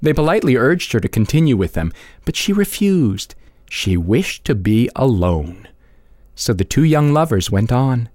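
A man reading a classic short story aloud with expressive, varied delivery. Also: mid-range voice, normal speed, dry recording, studio quality.

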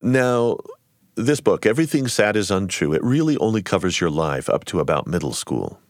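Calm male interviewer, dry close sound. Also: sits low, normal speed, no room sound. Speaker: interviewer host. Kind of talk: interview questions.

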